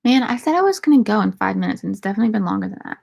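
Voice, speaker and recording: Young woman with a gravelly, creaky voice. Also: mid-range voice, expressive, very fast, a little mellow. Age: young adult. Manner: irreverent, profane, laughing banter. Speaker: streamer answering viewer questions. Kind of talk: casual Q&A chat.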